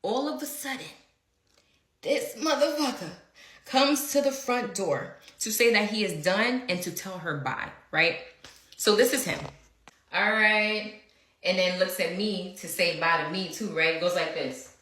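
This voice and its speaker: A woman's voice: mid-range voice, a little slow, fairly bright tone, roomy sound. A young woman telling a story in a casual way, blunt and profane, laughing often and acting out what others said.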